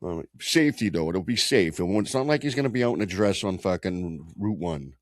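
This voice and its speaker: Low-voiced dude on a sports podcast, dry close mic, swears a lot and rambles through stories. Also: male voice, lively intonation, a little fast, dry recording. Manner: loose, swearing, joking storyteller. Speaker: podcast co-host. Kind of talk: casual sports banter.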